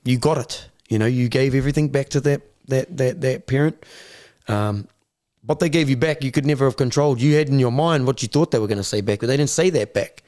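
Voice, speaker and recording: A man's voice: mid-range voice, fairly quick, darkish tone. A man, a guest candidly telling his life story in an interview, blunt, swearing freely and repeating words as he searches for them.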